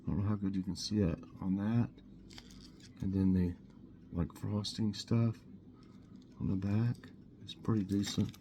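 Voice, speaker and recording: A man's voice: on the low side, measured pace, long pauses, slight background noise. A man hosting a casual snack review show, chatting easily and eating as he talks. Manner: relaxed, chatty, eats while talking.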